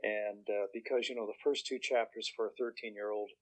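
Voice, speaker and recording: An older man, a guest author, telling relaxed anecdotes in a chatty way and acting out the voices of people he quotes. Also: on the low side, fairly quick, poor audio. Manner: chatty, acts out quoted voices, chuckles through punchlines.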